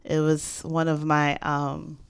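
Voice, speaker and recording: A woman in casual podcast chat, telling stories in a relaxed way and acting out what others said. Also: low voice, takes it slowly, gravelly, clear, resonant tone. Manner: relaxed storytelling, acts out quoted lines.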